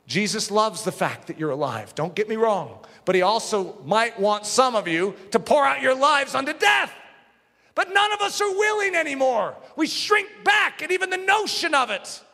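A man preaching a sermon as pastor, impassioned, dropping to a hush and rising to shouts. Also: very high-pitched, very animated, normal speed. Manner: impassioned, swings from hushed to shouting. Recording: long hall reverb.

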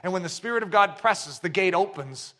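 An animated middle-aged male preacher with a high, lively voice that leaps about in pitch. His tone is bright and forceful, and he swings from quiet asides to shouted declarations. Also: fairly quick. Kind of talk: sermon.

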